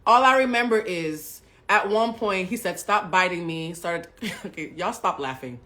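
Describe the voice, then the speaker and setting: A woman hosting a live stream, telling a personal story to her chat with lots of swearing. She drops to hushed asides, then bursts out loud. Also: mid-range voice, expressive, normal speed. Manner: profane, swings between hushed asides and loud outbursts; talks directly to live chat.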